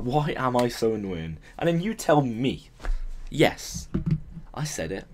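Lively, jokey young man. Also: medium pitch, normal speed, long pauses, husky, faint music behind. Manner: jokey, rambling, swears, laughs often. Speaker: YouTuber. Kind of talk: casual Q and A vlog. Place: room at his mother's home.

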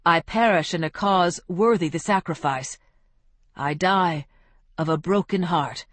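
A woman's voice: on the low side, unhurried, a bit bright, no echo. Woman doing a humble male cafe owner, solemn, reverent, dry close sound, storybook.

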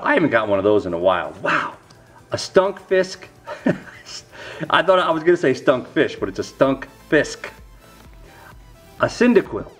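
Excitable middle-aged man. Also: medium pitch. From New York. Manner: excitable, exclaims over each card. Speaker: YouTube host. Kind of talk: casual unboxing vlog.

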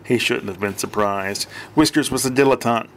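A man reading an audiobook in dry, even scripted narration. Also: mid-range voice, moderate pace.

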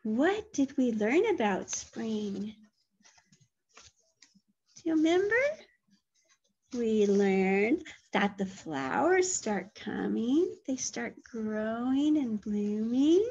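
Woman teacher reading a picture book to little kids, high and unhurried, gentle and questioning; dull lo-fi recording. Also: slightly rough. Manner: gentle, questioning, animated with sound effects. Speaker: early childhood teacher.

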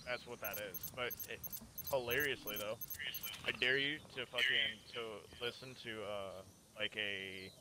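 A man's voice: mid-range voice, fairly even intonation, unhurried, noisy background. A man in casual voice chat with fellow gamers, explaining at length and swearing often.

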